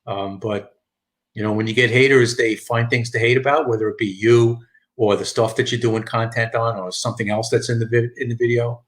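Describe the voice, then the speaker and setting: A middle-aged New Yorker with a thick local accent hosts a casual live stream chat, his medium-pitched voice steady and a little fast. He rambles, repeats himself, restarts sentences, and reads viewer comments aloud.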